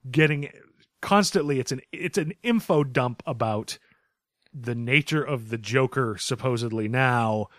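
A man's voice: medium pitch, a little slow, fairly bright tone, dry recording. Guy cohosting a comics podcast, jokey and sweary, dry close sound. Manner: joking, profane, does goofy impressions. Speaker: podcast co-host. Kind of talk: casual podcast chat about comics and films.

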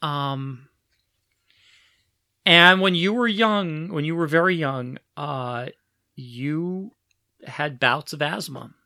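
A man telling stories about raising his child, animated and full of restarts, acting out quoted voices. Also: a little high, takes it slowly, pauses often, no room sound, studio quality. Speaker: parent telling family stories. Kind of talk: casual storytelling conversation.

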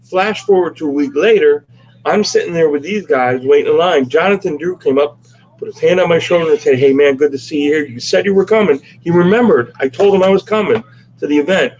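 A man's voice: a little high, fairly quick, darkish tone, rough recording. A man co-hosting a casual podcast chat, telling stories with emphatic, persuasive asides. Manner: emphatic storyteller. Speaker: podcast co-host.

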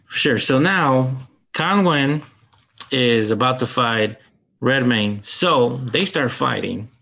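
A man co-hosting a casual podcast, excitedly recounting a film's plot and acting out the characters' lines. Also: mid-range voice, slow, gravelly. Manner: animated retelling, acts out character lines. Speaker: podcast co-host. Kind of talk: casual film review chat.

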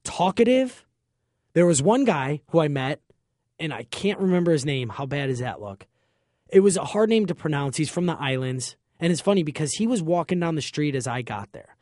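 A man's voice: a little high, very animated, moderate pace, a little mellow, no echo, studio quality. Chatty man telling a story. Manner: chatty, joking, self-censoring slang. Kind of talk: casual storytelling chat.

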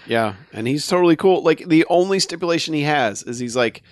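A man's voice: on the high side, lively intonation, a little fast, no echo, studio quality. Wry man trading jokes on a podcast. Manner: wry, jokey asides. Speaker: podcast co-host. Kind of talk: casual movie recap chat.

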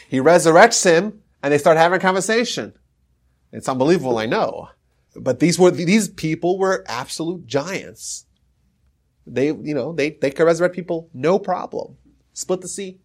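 A man with a slightly raised voice tells an old tale like a relaxed teacher. He talks casually and dips into the characters' lines as he goes, keeping the story moving. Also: fairly high pitch. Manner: lively retelling, slipping into the characters' quoted lines. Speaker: podcast host teaching history.

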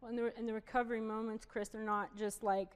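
A woman's voice: fairly high pitch, level tone, fast, clear, resonant tone. A woman in a casual chat, openly telling her own recovery moments with small laughs at herself. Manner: candid, self-deprecating, thinks aloud.

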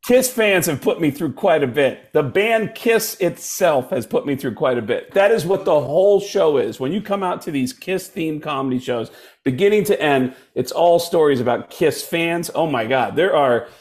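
A man's voice: fairly high pitch, normal speed. A middle-aged man, a stand-up comedian, telling stories in casual chat and acting out the voices of the people in them. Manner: animated, acts out voices in stories.

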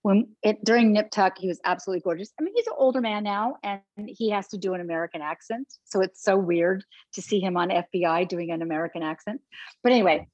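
A woman actress being interviewed, telling lively anecdotes and acting out what others said. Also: mid-range voice, fast talker, no room sound, muffled recording. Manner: animated, acts out quotes of others. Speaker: actress and guest. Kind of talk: casual anecdotal storytelling.

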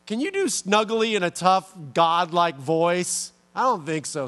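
Measured high-voiced male preacher. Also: sing-song, a bit bright. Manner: conversational, with repetitions and asides. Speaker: pastor. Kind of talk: sermon.

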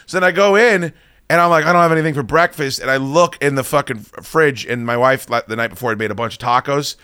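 A man in his thirties tells a long, rambling story on a podcast, swearing at every turn. He mocks himself throughout. His voice sits at an ordinary middle pitch, and the recording is dry and close. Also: quick pace, sharp tone, smooth, no room sound. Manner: rambling, swears constantly, self-deprecating. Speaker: podcast host. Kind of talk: casual profane storytelling.

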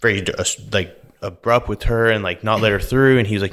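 A man co-hosting a podcast, retelling a story in a casual, animated way full of "like"s. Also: lowish voice, fairly quick. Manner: animated, filler-heavy retelling with many "like"s. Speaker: podcast co-host.

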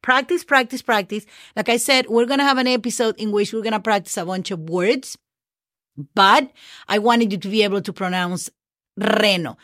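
Woman, friendly language teacher, dry close sound, medium pitch. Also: steady tone, fairly quick, a bit bright, dry recording. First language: Spanish. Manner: chatty, checks in with "okay?" often. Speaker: Spanish teacher. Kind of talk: podcast language lesson.

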